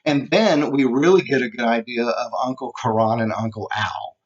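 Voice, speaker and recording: Casual teacher, dull lo-fi sound. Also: male voice, medium pitch, moderate pace. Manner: conversational, repeats "okay", acts out examples. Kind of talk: casual recorded lesson. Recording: dull lo-fi home recording.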